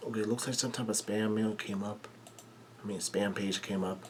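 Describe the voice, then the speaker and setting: Low-voiced man recapping a manga chapter. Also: fairly even intonation, slight background noise. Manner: halting, run-on narration with many fillers.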